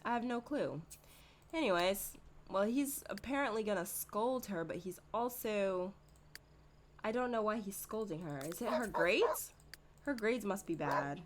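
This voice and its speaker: Woman host, casual gameplay commentary, mid-pitched voice, chatty and giggly, speaks to viewers directly. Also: expressive, unhurried, slight background noise.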